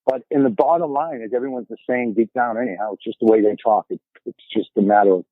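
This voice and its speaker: A man's voice: mid-range voice, fast talker, no echo. A man in his fifties with a thick Boston accent, telling stories as a podcast guest. He rambles and stumbles, repeating words as he gets going. His voice comes through a narrow, phone-like line with no room sound at all. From Boston area, USA. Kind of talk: casual storytelling chat.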